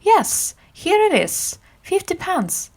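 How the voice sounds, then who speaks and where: A woman voicing a calm, clever grown knight in a storybook, reassuring and slow. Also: very high-pitched, voice pushed up, exaggerated voice.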